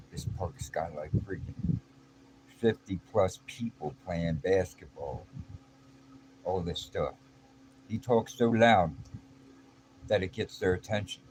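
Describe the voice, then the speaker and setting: A man's voice: deep voice, darkish tone, poor audio. A middle-aged man telling a personal story in a blunt, streetwise, casual way, full of slang and restarts. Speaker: vlogger. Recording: clear background noise.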